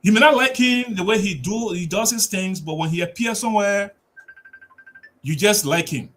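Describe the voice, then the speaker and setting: A man telling a story on a talk show, animated, repeating words and laughing often. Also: sits high, fairly quick, soft background music.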